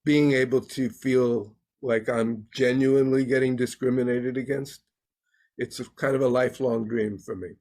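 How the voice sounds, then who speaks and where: Gravelly older man with dry humor. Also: medium pitch, fairly even intonation, moderate pace, darkish tone. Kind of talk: comedy podcast chat.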